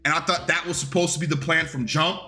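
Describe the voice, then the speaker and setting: Brash, bright-voiced male wrestling reviewer. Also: a little high, fairly even intonation, quick pace, soft background music. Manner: blunt, profane, dismissive. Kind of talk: casual recap rant.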